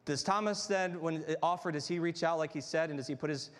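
A man delivers a sermon to a congregation in an easygoing, conversational manner, leaning on rhetorical questions to keep listeners with him. His voice sits somewhat high for a man, and his words ring out with the long reverb of a large church sanctuary. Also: fairly quick, a bit bright. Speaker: pastor.

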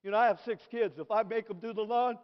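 A middle-aged man preaching a sermon in an animated way, dropping to soft asides and rising to shouted praise. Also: high-pitched, fast talker. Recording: dull recording in a reverberant hall.

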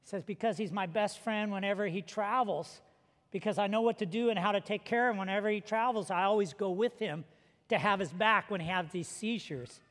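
High-voiced preacher in a reverberant hall. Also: male voice, fairly quick, a bit bright. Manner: storytelling, acting out quoted voices. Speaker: pastor. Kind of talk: sermon. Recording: long reverb of a large hall.

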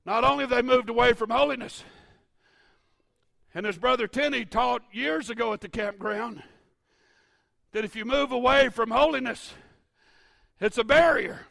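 High gravelly preaching man. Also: normal speed, pauses often, dry recording. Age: 50s. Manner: fervent preaching that swings from shouts to quiet asides. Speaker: pastor. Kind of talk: sermon.

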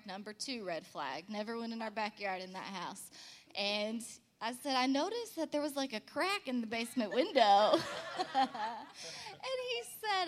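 A young woman casually telling a funny story about her husband, acting out quotes with big jumps in pitch and laughing often. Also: lively intonation, unhurried.

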